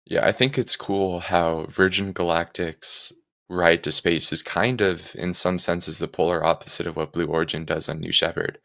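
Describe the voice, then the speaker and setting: A man joins a live chat with a slow, flat delivery. His voice is very deep and gravelly, with little rise and fall, and it sounds dry and close. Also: no room sound. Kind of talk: casual live-stream chat.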